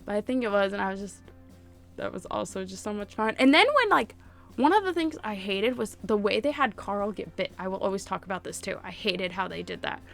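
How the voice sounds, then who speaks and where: A woman's voice: mid-range voice, animated, brisk, vocal fry, faint music behind. A woman talking casually to camera as a YouTuber, gushing and emphatic, full of fillers. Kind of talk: casual fan chat to camera.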